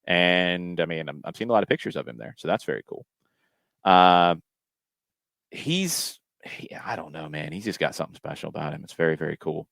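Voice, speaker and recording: A man's voice: sits low, expressive, moderate pace, gravelly, fairly bright tone, dry recording. A man hosting a casual soccer podcast, reading out listener questions and thinking aloud with frequent restarts and fillers. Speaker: podcast host.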